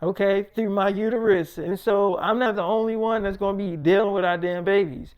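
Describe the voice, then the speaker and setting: An insistent, profane young wife and mother lays down the law and circles back to the same demand again and again. Her voice sits slightly lower and softer than the teller's own, a man doing her voice. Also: steady tone, a little fast, clear, resonant tone, highs cut off, close to an everyday voice. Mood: scolding. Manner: cursing, insistent, repeats herself.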